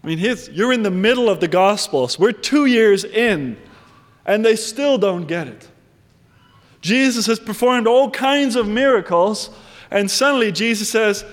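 High-voiced preacher in an echoing hall. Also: male voice, lively intonation, normal speed. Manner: dramatic, swinging between loud pleading and hushed tones. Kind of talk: sermon. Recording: reverberant hall.

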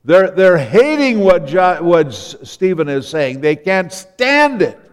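A man with a high, smooth voice preaches a sermon slowly, his pitch swinging widely. He retells scripture stories and acts out the biblical figures in them. A long hall reverb surrounds the recording.

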